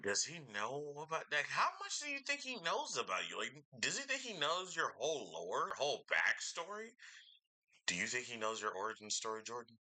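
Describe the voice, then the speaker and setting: A man's voice: medium pitch, wildly swooping pitch, moderate pace. A man reacting to a debate clip in casual commentary, exasperated and swearing, talking into a microphone. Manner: exasperated, swearing, loud outbursts. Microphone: studio microphone.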